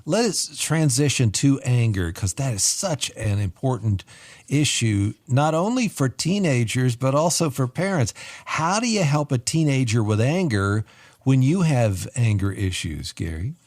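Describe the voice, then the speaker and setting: A man co-hosting a radio talk show, asking guests questions in a smooth, measured announcer delivery. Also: medium pitch, big pitch swings, darkish tone, no echo. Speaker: radio co-host and interviewer. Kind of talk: radio interview.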